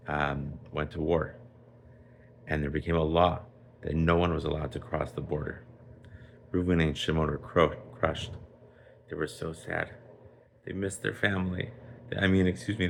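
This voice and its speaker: A man, a rabbi, telling a children's story in a lively, chatty way with Yiddish and Hebrew words. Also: very deep voice, creaky, a little hiss or hum.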